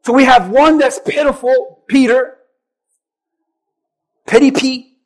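A man with a very high voice preaches to his church. He swings between shouting and dropping to a near hush. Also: steady tone, slow pace. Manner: swings between shouting acted disciples and soft hushed assurance. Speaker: pastor. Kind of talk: sermon.

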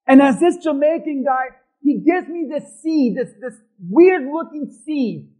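Very high-voiced male pastor preaching. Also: animated, moderate pace, dark tone, rough recording. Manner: storytelling, calls for a response from the congregation. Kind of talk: sermon.

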